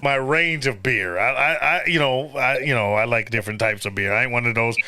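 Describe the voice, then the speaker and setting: A man hosting a casual live podcast chat, rambling and profane and quick to laugh. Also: medium pitch, noisy background. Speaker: podcast host.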